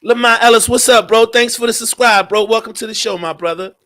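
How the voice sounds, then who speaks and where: A man's voice: very high voice, a little fast, bright, forceful tone. A man hosting a talk radio show, speaking in a heated, profane commentary and repeating his points.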